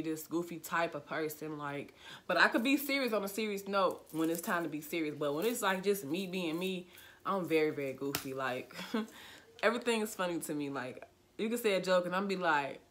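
A woman's voice: lowish voice, expressive, normal speed, fairly bright tone. A young woman from Chicago with a Chicago accent, chatting casually in a goofy, rambling vlog where she fills her talk with "like.". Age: young adult. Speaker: vlogger. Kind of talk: casual get-to-know-me chat.

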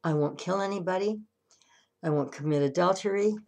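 A woman's voice: lowish voice, brisk, vocal fry, a little mellow, voice pushed up. Woman playing a desperate man bargaining with God. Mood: pleading. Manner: pleading, bargaining.

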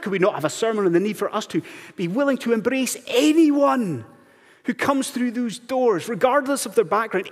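A man preaching a sermon in a church, asking the congregation one earnest rhetorical question after another. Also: high voice. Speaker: pastor. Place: church sanctuary. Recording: long hall reverb in church.

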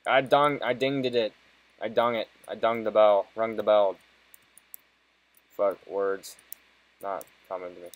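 A man's voice: fairly low pitch, steady tone, a little slow, pauses often, no room sound, rough recording. A young man giving casual, profanity-heavy commentary while playing a video game, frustrated and joking. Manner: swears constantly, frustrated and joking. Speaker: let's play gamer.

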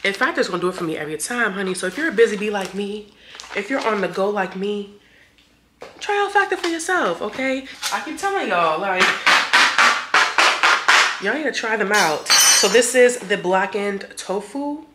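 A woman's voice: mid-range voice, lively intonation, moderate pace, echoey room, very noisy. A young woman vlogger, chatting playfully and directly to her viewers. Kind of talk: casual sponsored vlog chat.

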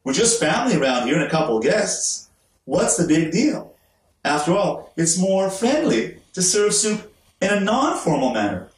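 A man's voice: high voice, big pitch swings, moderate pace, voice pushed up. A man voicing his wife as she protests and argues back in a rising, indignant tone. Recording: roomy, distant mic.

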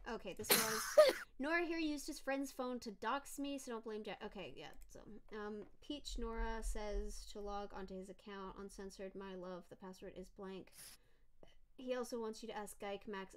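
A woman's voice: medium pitch, a little hiss or hum. A woman streamer in casual live-stream commentary, reading messages aloud and reacting to them, with frequent fillers and self-interruptions.

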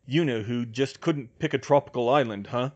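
A man reading a fan fiction audiobook and voicing a wry, friendly teenage boy wizard in a relaxed, easygoing way. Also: medium pitch, normal speed, lo-fi sound, close to an everyday voice.

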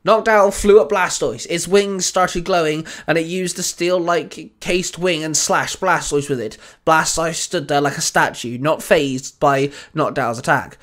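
A man reading a fan fiction story aloud in a steady storytelling voice. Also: fairly high pitch, a little slow, hardly any pauses. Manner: steady reading with small restarts.

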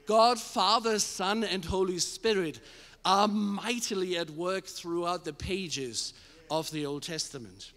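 A male pastor preaching a sermon to a live congregation, emphatic, asking the room questions and building to shouted climaxes. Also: sits high, takes it slowly. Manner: addresses the congregation directly with questions. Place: church service with a live congregation. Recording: long hall reverb in a church.

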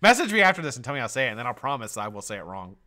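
Middle-aged male stream host, lively pitch, bright voice, loud greetings, crude jokes. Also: racing. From United States. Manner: loud shout-outs, swears, jokey. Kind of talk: live stream chat, greeting viewers.

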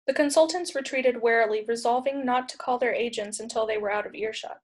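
A woman teacher narrates a chapter book aloud in a steady, clear way. Her voice sits a little high for a woman. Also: a little fast, few pauses. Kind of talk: read-aloud storybook narration.

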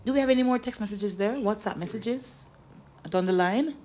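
A woman's voice: medium pitch, moderate pace, over a noisy crowd. A woman co-hosting a radio talk show, teasing her partner and laughing often. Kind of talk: casual radio chat.

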